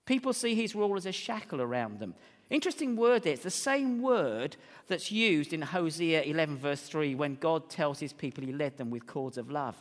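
A middle-aged man from Britain preaching a sermon, switching between loud emphatic declarations and quieter storytelling. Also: a little high, expressive, normal speed. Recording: long reverb of a hall.

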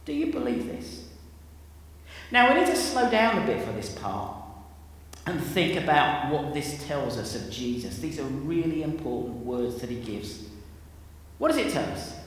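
A man preaching a sermon in a conversational, animated way, with chatty asides. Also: fairly high pitch, a little slow, pauses often. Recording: echoey church hall with long reverb.

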